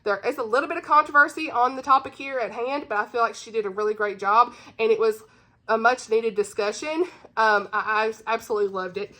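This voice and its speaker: A woman's voice: on the high side, brisk, sharp tone. A woman hosting her own channel, chatting casually and bubbly about books she recommends, giggling often. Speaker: book reviewer, channel host. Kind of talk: casual book-recommendation chat.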